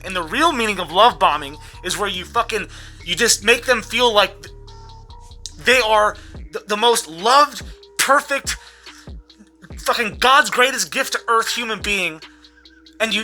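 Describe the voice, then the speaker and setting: A vlogger in an angry, profanity-heavy rant, repeating words when worked up, with a voice going hoarse. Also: medium pitch, sharp tone. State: losing their voice. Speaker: vlogger recapping a trial.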